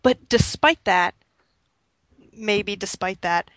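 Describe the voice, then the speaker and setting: A woman's voice: medium pitch, slow, fairly bright tone, no room sound. A woman chatting casually and wryly about movies.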